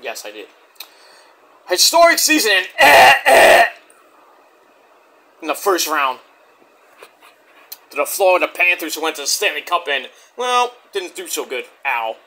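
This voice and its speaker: A man's voice: a little high, normal speed, pauses often. A man casually reviewing a wrestling show, rambling and cursing freely as he recaps. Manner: profane, rambling, animated.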